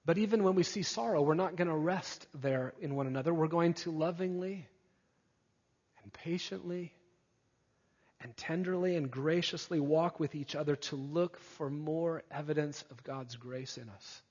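A male preacher giving an earnest sermon, rising to emphatic peaks and dropping soft again. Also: fairly high pitch, moderate pace, husky. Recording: dull sound with long hall reverb.

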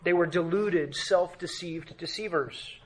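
A male pastor delivering a sermon in a fairly high voice. He preaches with emphasis, sinks to a hush for weight, and puts rhetorical questions to his listeners. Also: measured pace. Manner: emphatic preaching with dramatic drops to quiet.

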